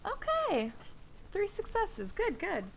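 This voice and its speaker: A woman game master narrating a tabletop horror game in a slow, deliberate storytelling manner with dramatic pauses. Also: very high voice, huge pitch swings, gravelly, slight background noise.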